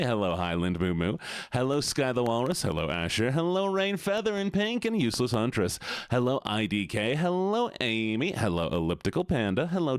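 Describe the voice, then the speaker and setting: A man's voice: medium pitch, no echo, studio quality. A man livestreaming, chatting playfully with his viewers and greeting them one by one. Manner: playful, teasing, greets chat by name. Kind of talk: casual live-stream chat.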